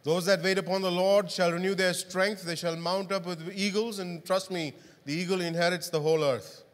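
A man delivers a sermon in a church, his voice sitting a little high for a man. He keeps turning to the congregation with questions. The sound rings with a long hall reverb. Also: steady tone, moderate pace. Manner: interactive, asks the congregation questions. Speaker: pastor.

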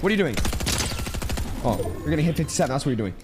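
A young male streamer trash-talks through his gameplay in a fairly high voice that swings widely between shouts and low mutters. He taunts opponents and swears freely. The stream audio is noisy, with gunfire in the background. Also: big pitch swings, rapid-fire. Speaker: gaming streamer. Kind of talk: trash-talking live gameplay commentary.

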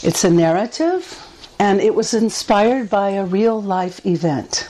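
Woman poet, unhurried and mellow, reads her own verse gently. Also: mid-range voice, lively intonation, slight background noise, rough recording. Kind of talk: reading her own poetry.

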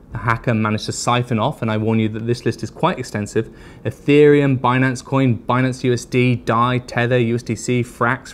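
Male news presenter, scripted and wry, sarcastic delivery. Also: mid-range voice.

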